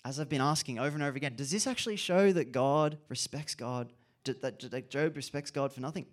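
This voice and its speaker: Man, preaching a sermon, earnest and reflective, repeats phrases for emphasis, middle pitch. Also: brisk.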